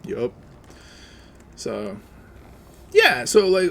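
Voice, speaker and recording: A man rants sarcastically while streaming a game, swearing freely and getting animated. His pitch sits in an ordinary middle range, with a faint hiss under the recording. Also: normal speed. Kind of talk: casual ranting while playing a game.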